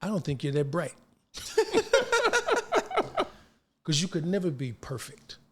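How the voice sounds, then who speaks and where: An older man with a fairly high, breathy voice speaks slowly as a guest actor in a casual interview. He tells stories with animation, acting out the slangy lines of the people he quotes.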